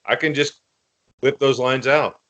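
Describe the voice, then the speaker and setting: A man's voice: medium pitch, steady tone, measured pace, a bit bright, highs cut off. A man in a casual group podcast chat, blunt and jokey, with some swearing.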